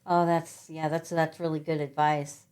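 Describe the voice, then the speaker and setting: A middle-aged woman from Sacramento, a podcast guest, telling rambling, animated travel stories in a casual chat with lots of ums. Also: low-pitched, normal speed. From Sacramento, California. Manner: rambling, animated travel anecdotes with many fillers. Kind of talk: casual conversational storytelling.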